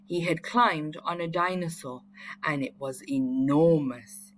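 A woman reading a children's story aloud in a clear, expressive way. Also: deep voice, slow pace, a little hiss or hum.

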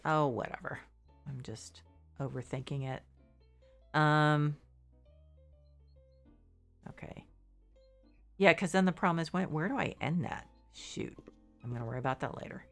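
A congested middle-aged woman chatting casually while streaming a game, rambling and second-guessing herself. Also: low-pitched. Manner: rambling, self-doubting, restarts often. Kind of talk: casual gameplay commentary.

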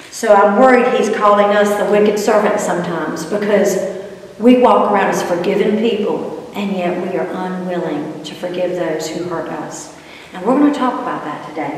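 A woman gives a children's sermon, earnest and teacherly, and speaks straight to the kids. Her voice sits at a middle pitch. It rings through a long, echoing hall, heard from some distance away. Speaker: children's worship leader. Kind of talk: children's sermon with scripture reading. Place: church sanctuary. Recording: echoey hall, distant mic.

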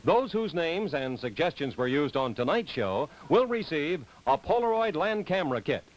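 A man announcing on a 1960s television game show, reading a smooth promotional script. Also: a little high, big pitch swings, moderate pace, rough recording. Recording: 1960s TV broadcast.

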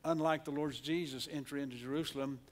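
Southern pastor guy preaching in church, kinda high voice, repeats himself a lot, earnest. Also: fairly even intonation, fast talker. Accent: Oklahoma, Southern US. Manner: earnest preaching with frequent restarts, leads the congregation in call-and-response. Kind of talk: sermon. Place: church sanctuary.

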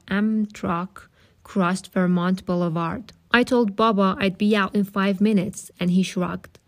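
Female reader of novels aloud, calm and steady narration, mid-range voice. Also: mid-range voice. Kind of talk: audiobook-style reading.

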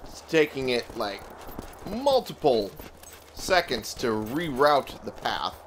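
A man's voice: medium pitch, very animated, takes it slowly, a bit bright. A man giving casual, grumbling gameplay commentary, sleepy and yawning now and then, swearing at the game. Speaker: let's play gamer. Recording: clear background noise.

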